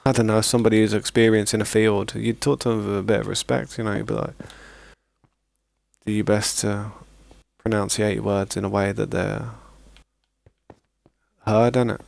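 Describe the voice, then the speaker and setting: Gravelly low-voiced man. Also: level tone, normal speed, long pauses, a little mellow, no room sound. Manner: rambling, laid-back, slangy. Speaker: gaming streamer. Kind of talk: casual gameplay chat.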